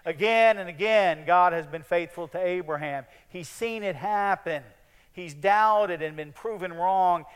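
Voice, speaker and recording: Delivering a heartfelt sermon, a male preacher speaks in a fairly high, clear, smooth voice whose phrases tend to fade softly at the close. Long reverb hangs in the air, suggesting a large hall.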